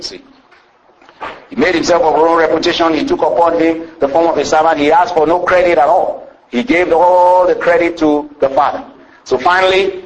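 A man delivers a sermon in a slightly high voice. He reads old-style scripture aloud, stretching phrases and letting his pitch swoop up and drop low for emphasis. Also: lo-fi sound. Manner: rhythmic preaching with swooping rises and drawn-out phrases. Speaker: preacher.

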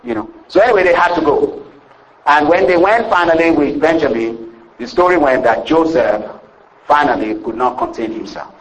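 A man's voice: fairly high pitch, normal speed, low-quality recording. A man preaching a sermon, retelling a scripture story in a rambling, conversational way with many fillers and calls for amen. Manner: asks the congregation for "Amen".

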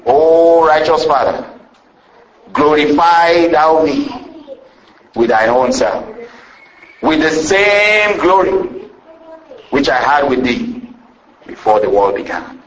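A man's voice: mid-range voice, rough recording. A man preaching a sermon, reading scripture aloud and building phrases with rising and falling emphasis. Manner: rhythmic preaching with swooping rises and drawn-out phrases; reads scripture aloud in old-style wording.

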